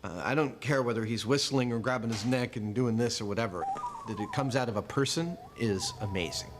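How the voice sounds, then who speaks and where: A man's voice: mid-range voice, fairly quick, background noise. A man hosting a TV science show, explaining an experiment in a chatty, enthusiastic way. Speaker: host.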